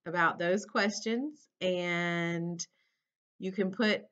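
A woman reads a children's story aloud at a slow, deliberate pace, with expressive storytelling. She stops to ask her young listeners questions, like a teacher. The recording is dull and lo-fi. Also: on the low side.

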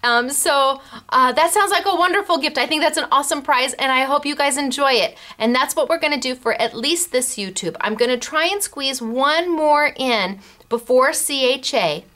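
Bubbly, bright-voiced woman host. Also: high-pitched, animated. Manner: bubbly, giggly, spells out names and numbers slowly. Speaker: craft shop show host. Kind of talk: chatty shop announcements to camera. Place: craft store.

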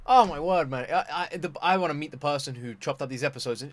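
A young man hosting an anime reaction, loud and exasperated, swearing often in casual commentary. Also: on the high side, fast talker, few pauses.

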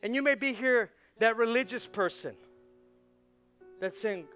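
A man in his forties, a pastor preaching a lively sermon, laughing often and repeating words as he gets worked up. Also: very high-pitched, a little slow, faint music behind. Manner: animated, laughing, repeats words when excited.

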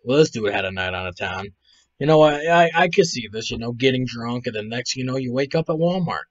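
Fairly quick and animated, the man's mid-range voice comes through dry, dull, and lo-fi, without echo. He hosts a photo-reaction video, rambling and cursing his way through laid-back commentary, laughing plenty and sounding worn out.

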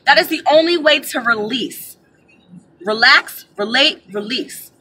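A woman giving casual spiritual advice to her viewers, chatty and animated, calling them y'all, recorded on a camera mic. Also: high-pitched, unhurried, breathy edge, poor audio. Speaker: spiritual advisor.

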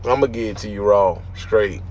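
A man's voice: lowish voice, moderate pace, a little mellow. A man who drives a truck, giving blunt, preachy advice in street slang from his truck cab. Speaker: trucker vlogger.

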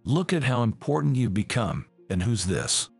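A man's voice: medium pitch, very animated, moderate pace, creaky, husky, soft background music, full character voice. Ruby, a brazen drunk woman, read by a man. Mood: sly. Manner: taunting, impudent.

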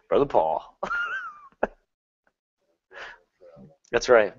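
A man preaching a sermon in an animated way, swinging between loud and hushed, laughing often and mocking with put-on quotes. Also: lowish voice, dull audio.

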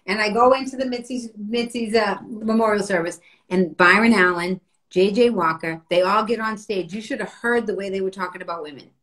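A middle-aged woman comedian telling stories in casual podcast chat, animated and profane. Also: medium pitch, fairly quick, few pauses, poor audio. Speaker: comedian guest.

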